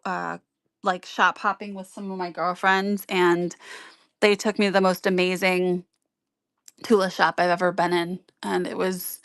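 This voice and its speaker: A woman hosts a sewing stream and explains each step at an unhurried pace, with plenty of filler words. Her voice is smooth and clear. The sound is dry and close, with almost no room echo. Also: medium pitch, a bit bright. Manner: chatty and rambling, many ums, greets viewers by name. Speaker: sewing livestream host. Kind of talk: casual sewing tutorial on a live stream.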